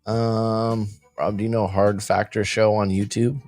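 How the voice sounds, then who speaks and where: A man's voice: lowish voice, level tone, unhurried, darkish tone, soft background music. A man hosting a coaching show, chatting loosely on a livestream, joking and reading viewer comments aloud from a room abroad. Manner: rambling, jokey, reads chat aloud. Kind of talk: casual livestream chat. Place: room by street windows, abroad.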